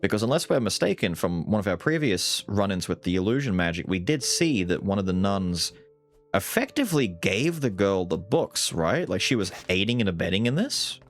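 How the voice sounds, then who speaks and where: Lively low-voiced man gaming. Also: moderate pace, soft background music. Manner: animated, thinking aloud, swears casually. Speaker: gaming YouTuber. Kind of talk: casual let's-play commentary.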